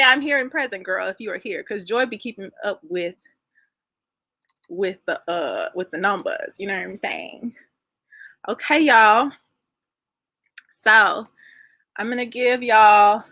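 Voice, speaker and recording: In her thirties, a woman hosts an online class livestream, bubbly and effusive as she chats casually with viewers and greets them by name. Her voice is on the high side with a sharp tone, and there's no room sound.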